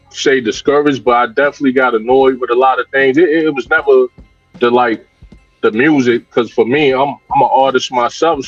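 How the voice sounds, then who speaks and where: A man's voice: medium pitch, slightly rough, no echo. A male artist guest speaks candidly and reflectively, often restarting a thought before he lands it. His voice comes through a dull, lo-fi signal with a dry, close sound. Faint music plays underneath. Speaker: guest hip hop and R&B artist. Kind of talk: casual interview talk.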